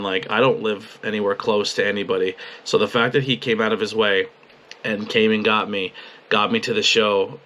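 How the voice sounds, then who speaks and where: Low-voiced man rambling in a video journal. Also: a bit bright. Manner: rambling, halting, swears freely, emotional. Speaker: podcast host and wrestling commentator. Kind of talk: emotional personal video journal. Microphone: webcam at a desk.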